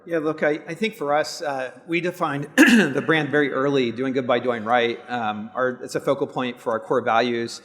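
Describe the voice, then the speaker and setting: A man's voice: mid-range voice, moderate pace, few pauses, a bit bright, big-room sound. A man in his fifties on a live panel, speaking in an earnest, reflective and open way about personal matters. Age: 50s. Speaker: law firm owner, panelist. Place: large stadium event on stage.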